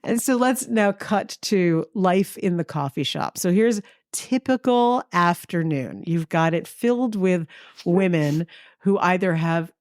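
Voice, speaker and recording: A middle-aged woman from New York, co-hosting a podcast and telling anecdotes in a casual, animated way, acting out the lines of the people in her stories. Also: unhurried, dry recording, clean studio sound. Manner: lively anecdotal, acts out quotes with big pitch jumps. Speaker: podcast co-host. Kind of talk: casual storytelling chat.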